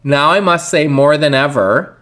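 A host in casual chat who reads song lyrics slowly aloud and sometimes breaks into singing them. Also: medium pitch, fairly bright tone.

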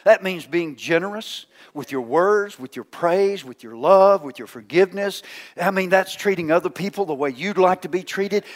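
A male pastor preaching a folksy, teasing sermon, swinging between loud calls and hushed asides. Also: sits high, expressive, normal speed, in a large hall.

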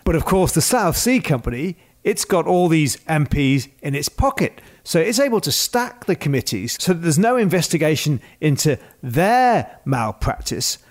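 A man's voice: on the high side, sing-song, normal speed, hardly any pauses. A man co-hosting a casual history podcast, explaining events and chuckling between points. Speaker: podcast co-host.

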